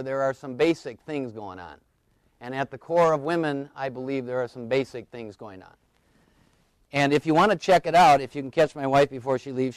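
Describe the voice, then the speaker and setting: A man's voice: mid-range voice, smooth, dry recording. A middle-aged man, a therapist, telling stories to an audience and acting out his clients. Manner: animated storytelling, acting out clients. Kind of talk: talk to an audience.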